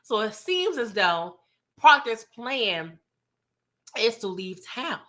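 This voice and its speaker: Woman, casual TV recap vlog, chatty, laughs a lot, bright clear tone. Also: a little high, sing-song, takes it slowly. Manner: chatty, talks straight to viewers, often laughs. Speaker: TV recap reviewer.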